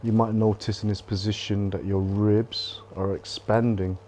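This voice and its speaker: A man leading a qigong class, calmly coaching breathing and movement with gentle repetition, on a close mic while he moves. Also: lowish voice, unhurried, slight background noise. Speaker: qigong instructor. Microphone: close clip-on mic while moving.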